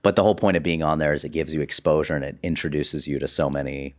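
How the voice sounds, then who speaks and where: Podcast guest: young man, low voice, chatty, animated storyteller. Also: fast talker. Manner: animated storyteller, lots of "like" and "you know". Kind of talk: casual podcast chat.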